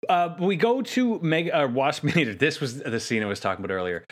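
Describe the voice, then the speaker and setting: A man co-hosting a podcast, casually recapping an episode with laughs and quick quoted lines. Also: a little high. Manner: animated, laughing, often slips into quoted lines. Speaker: podcast co-host.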